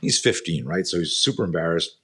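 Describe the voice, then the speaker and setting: A man in his sixties, a self-defense instructor, telling stories in an animated, profane and rambling way with many fillers. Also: low voice, fairly quick, husky. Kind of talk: storytelling in a podcast interview.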